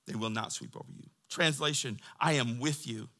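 A man preaching a sermon, moving from quiet storytelling to loud, fervent preaching. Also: mid-range voice, normal speed, gravelly, few pauses. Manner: builds from quiet talk to loud, preaching fervor. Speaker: pastor.

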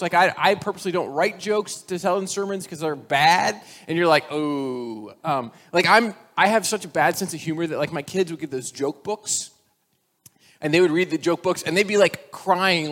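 A man's voice: high-pitched, pushed and bright, big-room sound. A man in his forties preaching a sermon as pastor, conversational and self-deprecating, slipping into voiced characters when he tells a joke.

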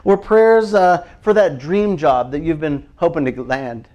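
A male pastor preaching with a high, light voice. He talks in a chatty, animated way, laughing often and acting out quoted prayers as he goes. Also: unhurried, muffled recording. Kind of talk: sermon.

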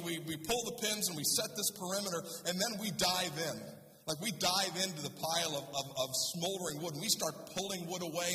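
Animated pastor in an echoey hall. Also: male voice, high voice, background noise. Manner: humorous, animated storytelling with laughs. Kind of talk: storytelling sermon. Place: church sanctuary. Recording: roomy church hall, voice from a distance.

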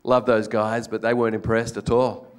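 An older Australian man preaches a sermon in a smooth, medium-pitched voice at a moderate pace. He tells animated stories laced with jokes and acts out the voices of the people in them.

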